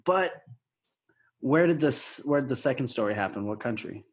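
A man with a husky, slightly breathy voice co-hosts a casual podcast over a video call. He reacts with quick exclamations and loose, profane banter. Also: mid-range voice, lively intonation. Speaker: podcast co-host.

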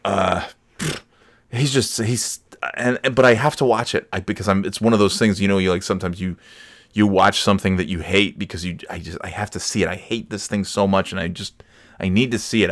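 A man's voice: sits low, a bit bright, no room sound, studio quality. A man ranting casually, grumbling and swearing, with frequent restarts. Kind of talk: casual rant.

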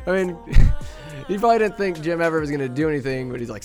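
Dude from norcal doing a rambly crude comedy podcast, laughs a lot. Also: male voice, mid-range voice, lively intonation, fairly quick, faint music behind. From Northern California. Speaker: podcast host.

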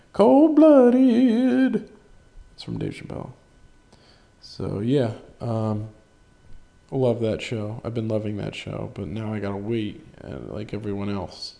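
A man with a fairly low, gravelly voice chats on his own podcast. His tone is dark and relaxed as he rambles, swears freely and pokes fun at himself. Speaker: podcast host. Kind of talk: casual solo podcast chat.

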